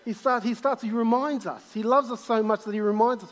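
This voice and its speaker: A man delivers an enthusiastic sermon in a church auditorium, full of repetitions and restarts, while long reverb fills the hall. He speaks in a high-pitched voice, fairly quickly and with few pauses.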